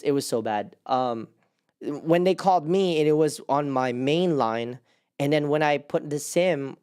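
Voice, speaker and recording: A young man hosting a casual chat, telling a personal story in a rambling way, with lots of "like" and sudden jumps up in pitch as he relives his panic. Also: clean tone. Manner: rambling with many restarts and "like". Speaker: host.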